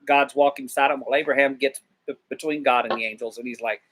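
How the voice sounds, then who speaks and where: A man's voice: mid-range voice, flat delivery, quick pace, a bit bright. A man rambling through a casual Bible discussion, retelling scripture in slangy paraphrase. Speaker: discussion participant.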